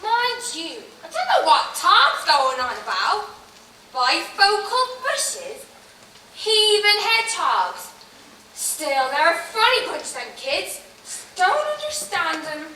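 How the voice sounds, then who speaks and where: A woman's voice: very high-pitched, big pitch swings, slow, bright, forceful tone, a little hiss or hum, full character voice. A woman playing a chatty, homely middle-aged farmer's wife in an amateur stage comedy. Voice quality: folksy, gossipy manner. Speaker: stage actor. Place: large theatre stage. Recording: echoey theatre stage from far off.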